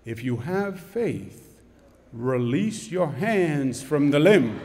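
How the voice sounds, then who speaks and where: A man voicing God speaking from the clouds, slow and solemn. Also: a little high, sing-song, a little mellow. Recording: long church reverb.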